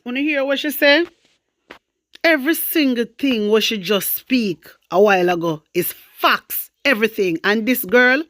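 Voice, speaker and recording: Animated Jamaican Patois commentator. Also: mid-range voice, dry recording, clean studio sound. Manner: animated, repetitive, addresses viewers directly. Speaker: online commentary host. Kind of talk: reaction commentary vlog.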